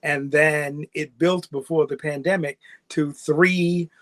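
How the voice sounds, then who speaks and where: A middle-aged man from New York, a guest actor telling his story in a relaxed, rambling way and laughing often. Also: on the high side, takes it slowly, no echo. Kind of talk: casual interview storytelling.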